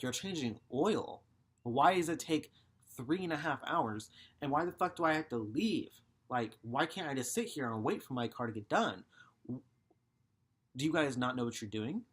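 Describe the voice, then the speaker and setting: A man's voice: medium pitch, a bit bright, husky. A young man in his twenties telling a story casually, swearing and exasperated. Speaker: vlogger.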